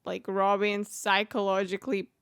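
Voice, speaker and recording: A woman co-hosting a casual film review podcast, talking in a relaxed, hesitant way. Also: mid-range voice, moderate pace, clean tone, dry recording, studio quality. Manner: relaxed, hesitant, lots of backchannel agreement. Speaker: podcast co-host.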